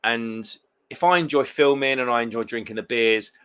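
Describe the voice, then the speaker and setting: A man hosting a live beer stream, chatting loosely with viewers. His voice sits at an ordinary pitch but sounds very bright and forward. He rambles, restarts, and fills gaps with "um". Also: moderate pace, clean tone. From England. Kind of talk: casual live chat reading viewer comments.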